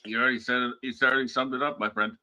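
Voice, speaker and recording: A man co-hosting a podcast in casual chat, relaxed and halting, with many fillers. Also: medium pitch. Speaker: podcast co-host. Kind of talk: casual post-show chat.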